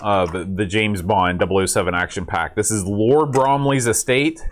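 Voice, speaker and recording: A man's voice: lowish voice, moderate pace. A man co-hosting a casual chat about retro video games, dry and joking as he shows off items. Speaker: co-host.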